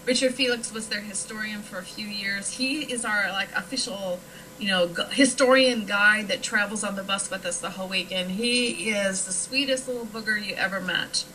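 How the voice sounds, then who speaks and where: A chatty woman from Nebraska talking casually as a guest, her voice bright and clear and filled with "you know" and "um". There is a faint hiss of noise under the recording. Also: medium pitch, normal speed, low-quality recording. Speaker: paranormal investigator guest. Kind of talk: casual chat.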